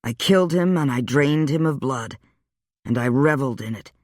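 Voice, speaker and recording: A man voicing a weary, wry male vampire, speaking low and subdued in a dry audiobook reading. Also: lively intonation, normal speed, dry recording, lightly acted. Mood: rueful.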